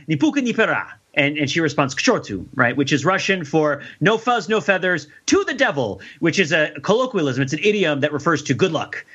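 Bright-voiced man riffing wryly. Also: fairly high pitch, lo-fi sound. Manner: wry, rambling, laughs at his own jokes. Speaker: podcast co-host discussing a film. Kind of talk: casual chat.

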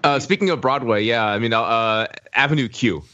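A man on a podcast who gives his opinions in a halting way, often stammering as he starts a sentence. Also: mid-range voice, pushed and bright. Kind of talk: casual podcast chat. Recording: dry, dull lo-fi audio.

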